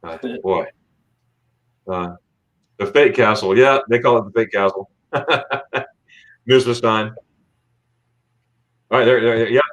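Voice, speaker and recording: A man's voice: fairly low pitch, slow pace, long pauses, fairly bright tone. A man from Florida hosting a casual livestream, reading out viewer comments in a rambling, chatty way with plenty of fillers and restarts. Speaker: livestream host.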